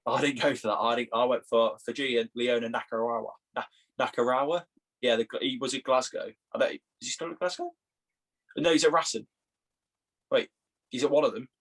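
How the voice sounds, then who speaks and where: A young English man co-hosting a podcast in casual, teasing banter, quick to laugh at his own jokes. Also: medium pitch, steady tone, fairly bright tone. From England. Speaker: podcast co-host.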